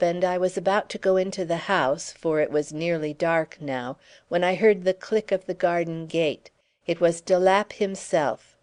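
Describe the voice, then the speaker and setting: A woman reading a classic story aloud as an audiobook narrator, in a steady storytelling manner. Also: fairly low pitch, clean tone. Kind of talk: scripted narration.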